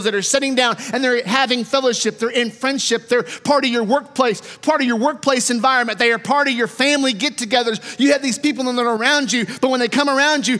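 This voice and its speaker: A man preaching a sermon as pastor, impassioned, slowing down and dropping low to stress key words. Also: pushed and bright. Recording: hall reverb.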